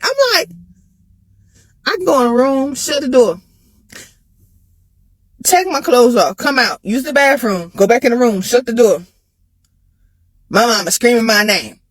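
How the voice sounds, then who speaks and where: High-pitched woman, casual animated vlogger, dry close recording. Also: moderate pace, pauses often, no room sound. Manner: animated, laughs between phrases; jumps high in pitch when emphatic. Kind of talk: casual chat to camera.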